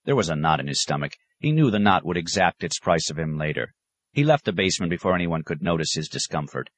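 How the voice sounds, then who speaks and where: A man reading a novel aloud with calm, expressive narration. His voice sits fairly low and moves with lively intonation, and the recording is dry and close with no room sound. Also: fast, dry recording. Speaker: audiobook narrator. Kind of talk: scripted narration.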